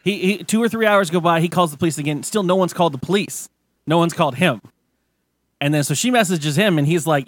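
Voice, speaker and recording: Guy hosting a podcast, cussing a lot, restarts constantly, kinda high voice, no room sound. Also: fast talker, no echo. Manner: rambling, profane, frequent restarts. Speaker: podcast host. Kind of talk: casual chat, retelling a story.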